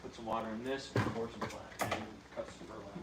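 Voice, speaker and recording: A man's voice: on the low side, steady tone, a little fast. A man co-hosting a livestream from a prop workshop, trading crude, teasing banter and swearing freely. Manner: brash, swears freely, laughs at his own jabs. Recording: echoey workshop from far off with loud noise.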